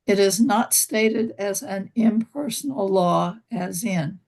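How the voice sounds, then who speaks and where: Woman student reading aloud, slow and gravelly, halting over words. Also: medium pitch, a little mellow, rough recording. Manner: careful, halting reading with restarts. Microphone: video call.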